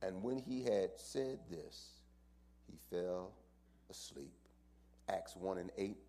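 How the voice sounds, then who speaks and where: A male preacher delivering a sermon and addressing his congregation directly, swinging dramatically between loud cries and near-whispers. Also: deep voice, slow.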